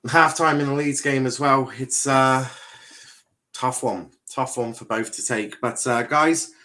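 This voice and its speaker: A man's voice: mid-range voice, fairly even intonation, unhurried, bright, forceful tone. A young man streaming a football watchalong, chatting casually, reading viewer comments aloud and repeating himself with lots of fillers. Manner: rambling, repeats phrases, many fillers.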